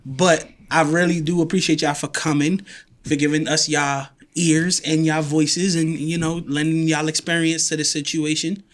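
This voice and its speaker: Podcast guy laughing a lot, slangy and loose, voice sits a bit high. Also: level tone, moderate pace. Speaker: podcast co-host. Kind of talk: casual podcast chat.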